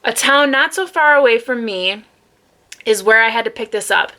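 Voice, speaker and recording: Chatty woman with a bright voice. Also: on the high side, normal speed. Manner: rambling, chatty storytelling with many fillers. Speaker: book vlogger. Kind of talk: casual chat. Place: room at home.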